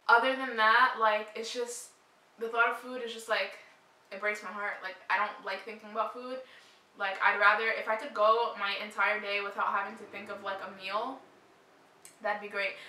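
A vlogger in her twenties speaks briskly in a mid-range voice that is pushed and bright, with a level tone. Pregnant and suffering from morning sickness, she chats to camera in a rambling style heavy on "like." The mic is at a distance, so the sound is roomy and echoey.

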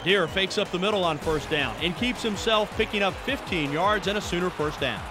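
A man giving scripted play-by-play narration of a classic football game in a brisk delivery. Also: high-pitched. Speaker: sports narrator. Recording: narration over loud music.

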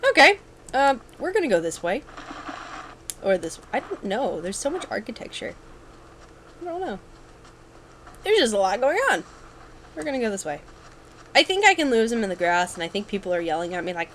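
A young woman giving casual, excitable commentary while playing a video game, with sudden yelps and running chatter. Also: a little high, normal speed, long pauses, a little hiss or hum, low-quality recording. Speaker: let's play gamer.

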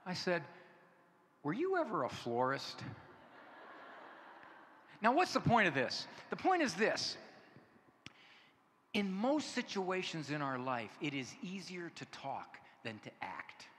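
Man in his fifties, bright lively speaker, storytelling talk in a big echoey hall. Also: high-pitched, takes it slowly, pauses often. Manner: animated storytelling, acting out dialogue. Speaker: conference speaker. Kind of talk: humorous talk to an audience. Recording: echoey hall with faint noise.

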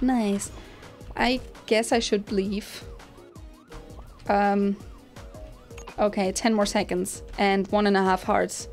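A woman hosting a gaming channel, giving excitable let's-play commentary with lots of exclamations. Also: on the high side. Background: game music.

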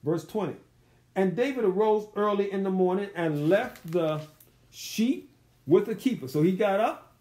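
Man, Bible study teacher, high voice, conversational, rhetorical questions, colloquial. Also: a little mellow. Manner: loose, colloquial phrasing.

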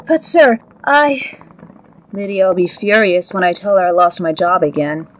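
A woman's voice: on the low side, unhurried, lightly acted. A woman voicing a timid husband who stammers and hesitates. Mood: meek. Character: meek, fumbling husband who lost his job.

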